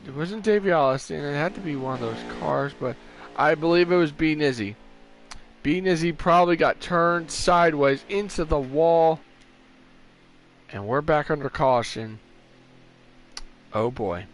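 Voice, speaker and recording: A man's voice: on the high side, unhurried, pauses often. A tired man doing casual play-by-play commentary for an online racing stream, rambling and correcting himself as he goes. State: tired, yawning. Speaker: race commentator.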